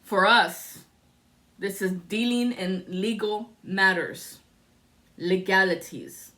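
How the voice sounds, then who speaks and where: A woman drifting through a tarot reading at an unhurried, slow pace, her voice sitting at an ordinary middle pitch. She rambles and muses aloud and often laughs as she talks. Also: bright, forceful tone. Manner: rambling, musing, frequent laughter. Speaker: tarot reader. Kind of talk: spiritual tarot reading vlog.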